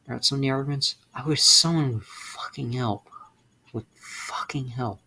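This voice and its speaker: A young man speaking in a halting, emotional personal confession, close to tears and swearing in frustration. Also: medium pitch, pushed and bright, a little hiss or hum. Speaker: streamer.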